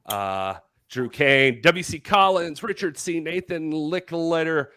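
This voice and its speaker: A man's voice: on the high side, slow, pushed and bright. A man hosting a casual livestream show, energetically greeting viewers and reading chat names aloud. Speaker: livestream host.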